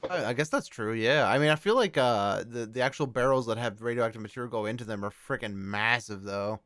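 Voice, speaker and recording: An excitable man co-hosting a casual podcast, reading posts aloud and reacting with quick exclamations. His voice sounds smooth and clear, mid-pitched, recorded close and dry. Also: no echo. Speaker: podcast co-host.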